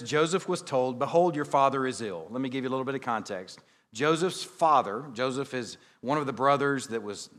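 A man delivering a sermon as a pastor, his voice at a middle pitch. He mixes scripture reading with casual, joking asides, rising loud and dropping soft. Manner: casual joking asides, wide swings in loudness.

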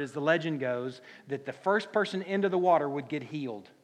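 Folksy Southern preacher in a reverberant hall. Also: male voice, a little high, a bit bright. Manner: conversational, folksy preaching with rhetorical questions. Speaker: pastor. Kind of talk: sermon. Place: church sanctuary.

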